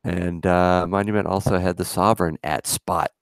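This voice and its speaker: A man's voice: sits low, steady tone, normal speed, no echo, clean studio sound. A man co-hosting a casual livestream, chatty and laughing often as he reads comments aloud. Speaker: livestream co-host. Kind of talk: casual live chat.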